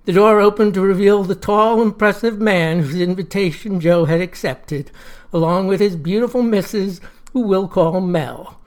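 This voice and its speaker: A woman's voice: medium pitch, moderate pace, darkish tone. A woman telling a story in a folksy, chatty fireside style.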